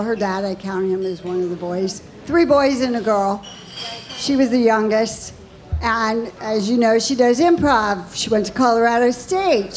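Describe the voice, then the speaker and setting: A woman's voice: fairly high pitch, a little mellow. An older woman doing stand-up, chatting about her family and animatedly quoting her daughter, into a handheld mic on a comedy club stage. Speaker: stand-up comic. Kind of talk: stand-up storytelling.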